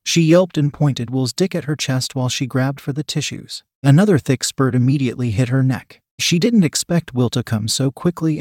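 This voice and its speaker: A man's voice: mid-range voice, darkish tone, no room sound. Male narrator, dry studio read. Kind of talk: scripted audiobook narration.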